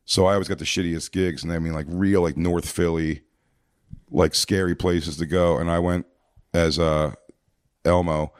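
A deep-voiced man spins a rambling, profane story in a loose conversation, stumbling through fillers and restarts. The sound is dry and close, with no room around it. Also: little pitch movement, moderate pace, dry recording. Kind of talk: casual storytelling chat.

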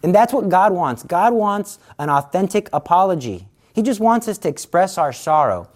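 A man's voice: sits high, big pitch swings, normal speed. A man giving a casual Catholic teaching talk, explaining confession in a conversational, earnest way and acting out everyday scenes. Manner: conversational, acts out everyday scenes in quoted voices; earnest, urging.

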